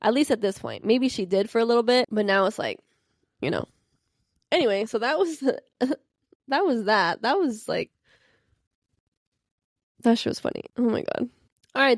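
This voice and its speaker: A young adult woman hosting a casual podcast, telling gossip and stories animatedly and acting out quotes with big jumps in pitch. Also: darkish tone, no echo, studio quality. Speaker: podcast host. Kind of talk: casual chat about reality TV and celebrity gossip.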